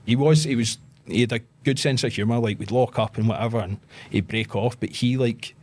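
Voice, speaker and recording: A man with a Scottish accent, a podcast guest telling stories in a lively way and acting out the voices of the people in them. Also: medium pitch, brisk. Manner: animated anecdotes, acts out quoted voices. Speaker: podcast guest, pro wrestler. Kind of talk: casual storytelling interview.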